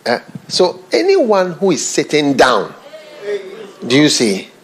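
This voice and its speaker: A man preaching a sermon as a bishop, dropping to low murmurs and whispers and then rising into excited, lively preaching. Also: slow, a little hiss or hum.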